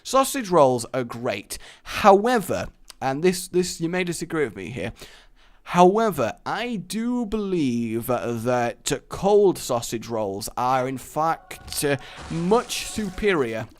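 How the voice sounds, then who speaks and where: A man's voice: on the high side, big pitch swings, slow. A young English man hosting a gaming video, telling a rambling, jokey story while he plays. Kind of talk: let's play commentary.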